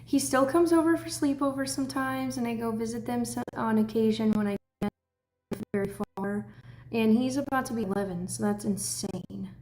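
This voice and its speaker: A woman's voice: a little high, normal speed, reverberant. A woman, chatting casually on a livestream and laughing often. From Texas. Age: 20s. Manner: chatty, laughs often, breaks into excited shouts. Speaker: livestream host.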